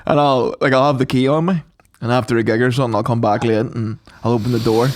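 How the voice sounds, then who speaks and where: A man's voice: medium pitch, steady tone. A man co-hosting a comedy podcast, telling rambling stories in casual chat. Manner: fast, rambling storyteller. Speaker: podcast co-host.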